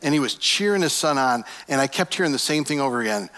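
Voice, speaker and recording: A middle-aged man preaching from the pulpit in an earnest, personal way. His voice is of middling pitch for a man. He rises to stress a point, then sinks to a near-hushed tone as he turns to prayer. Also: expressive, fast talker, few pauses, big-room sound. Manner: earnest, shifts between emphatic lifts and hushed soft phrases. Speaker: pastor. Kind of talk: sermon with prayer.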